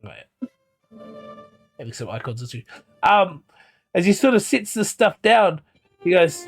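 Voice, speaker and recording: High-voiced, slow game master. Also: male voice, big pitch swings, faint music behind. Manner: halting, filler-heavy narration. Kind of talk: narrating a tabletop game.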